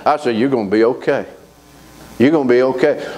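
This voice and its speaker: A man preaching a sermon in a church, folksy and animated, asking the congregation to answer back. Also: medium pitch, normal speed, poor audio. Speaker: pastor. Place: church sanctuary.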